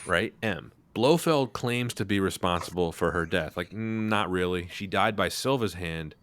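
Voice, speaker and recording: Deep-voiced sarcastic podcast host. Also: male voice, normal speed, fairly bright tone, dry recording. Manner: sarcastic, incredulous critique. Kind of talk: casual podcast discussion.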